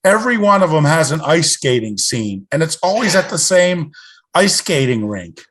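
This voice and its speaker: A man's voice: fairly high pitch, very animated, moderate pace, a bit bright. A man co-hosting a film podcast, chatting casually and saying "it's like" and "you know" a lot. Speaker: podcast co-host. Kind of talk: casual chat.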